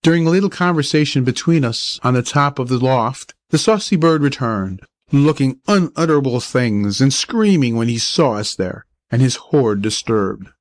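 Male narrator, storybook reading, measured old-fashioned prose, middle pitch, dry close recording. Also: lively intonation, no echo.

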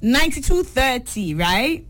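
A woman's voice: high-pitched, very animated, fairly bright tone. Nigerian woman hosting a radio quiz. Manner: pronounces quiz words slowly and deliberately.

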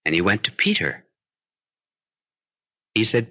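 Male preacher, sermon delivery, slow and highly expressive, with gentle humor. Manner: storytelling with gentle humor, then tender recitation.

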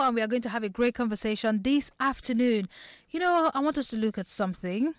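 A Nigerian woman hosting a radio talk show in a studio, chatting lively and speaking straight to her listeners. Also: fairly high pitch, fast talker. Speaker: radio host.

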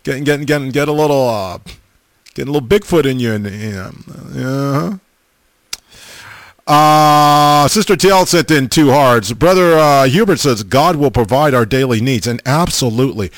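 A middle-aged man casually chatting as a host, reading viewer comments in a folksy, animated way, often repeating himself. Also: mid-range voice, normal speed, no echo. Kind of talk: casual chat.

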